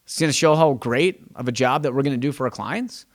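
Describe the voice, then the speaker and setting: This real estate agent's podcast features a man speaking fairly quickly in a mid-range voice. He thinks aloud in a casual, emphatic monologue full of stumbles and repeated words, playing out conversations with clients in quotes.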